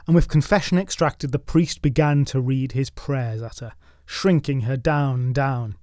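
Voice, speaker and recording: A man's voice: on the high side, normal speed, few pauses, no room sound, studio quality. Wry male folklore storyteller. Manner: wry, deadpan humour. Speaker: storytelling podcast host. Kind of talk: scripted folklore narration.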